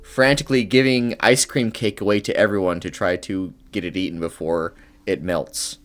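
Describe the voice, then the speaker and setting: A man's voice: low-pitched, fairly even intonation, moderate pace, fairly bright tone. A man acting as game master, describing scenes to the players in a playful, casual way. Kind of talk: narrating a tabletop game.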